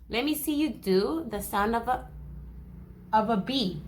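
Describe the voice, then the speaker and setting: Slow, encouraging woman teaching young kids. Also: medium pitch, big pitch swings. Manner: encouraging, speaks to young children, imitates animal sounds. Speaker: first grade teacher. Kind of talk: remote class lesson, crafts and read-aloud.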